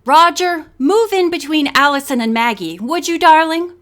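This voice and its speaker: A woman voicing a commanding female fashion shoot director who barks out loud, clipped orders. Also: high-pitched, animated, normal speed, voice pushed up. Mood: bossy.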